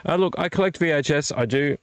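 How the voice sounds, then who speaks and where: A man's voice: on the high side, quick pace, smooth, dry recording. A middle-aged man hosting a casual late-night live vlog, tired and yawning, rambling and correcting himself as he chats with viewers at his desk microphone. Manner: rambling, self-correcting, chatty with live chat. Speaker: vlog host. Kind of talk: casual live-stream chat. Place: home collection room.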